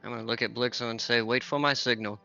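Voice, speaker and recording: A man's voice: medium pitch, fairly even intonation, fast talker, vocal fry, pushed and bright, highs cut off, faint music behind. A man playing a tabletop game, announcing his character's actions in a blunt, brash way.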